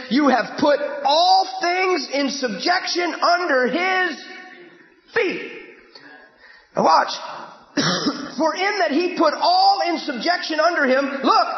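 A man preaches a sermon in a very high, lively voice, swinging from loud shouting to sudden hushed asides. The sound is dull and boomy, with a long echo from the church hall. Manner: emphatic, often shouting, with sudden drops to a hushed voice.

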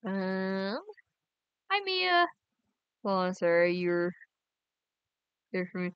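A woman's voice: fairly low pitch, completely flat delivery, slow pace, clean tone, no echo, muffled recording. A young woman, chatting casually on a game live stream and reading her chat aloud in a bubbly way. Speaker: game livestreamer.

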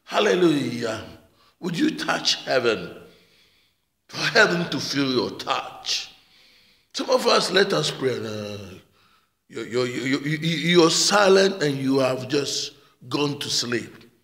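A man's voice: medium pitch, very animated, slow, fairly bright tone. A male pastor preaching a passionate sermon, repeating words and calling out amen and hallelujah. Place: church hall. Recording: echoey church hall with long reverb.

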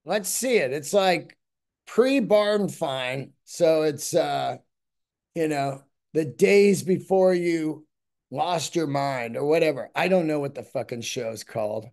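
A man's voice: on the high side, lively intonation, slow pace, vocal fry, darkish tone. A man hosting a podcast, talking in a rambling, profane casual monologue and acting out the people in his stories. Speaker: podcast host.

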